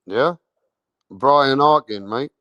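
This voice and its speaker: A boxing channel host, a man with a London accent, runs a livestream in a brash, slangy way, swearing and repeating himself as he calls out questions to his chat and waits for answers. His voice is mid-range and his pace slow. The recording is muffled, with no echo.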